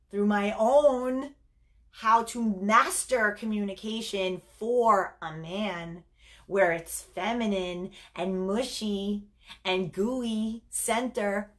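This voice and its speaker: A woman dating coach giving emphatic, animated advice straight to the camera, calling viewers honey. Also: mid-range voice. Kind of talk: direct-to-camera advice talk.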